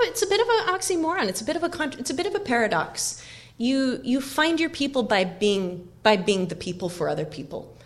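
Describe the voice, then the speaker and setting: Reflective woman giving a keynote. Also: medium pitch. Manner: reflective, with frequent ums and restarts. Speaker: keynote speaker. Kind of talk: keynote talk.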